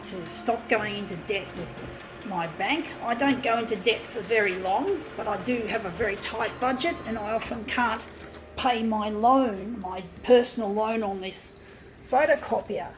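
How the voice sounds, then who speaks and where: A woman's voice: medium pitch, moderate pace, a little hiss or hum, rough recording. A woman vlogger in a repetitive, swearing rant about money stress, talking straight at her viewers. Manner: swearing, repetitive, escalating into shouted outbursts. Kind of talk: angry personal rant to camera.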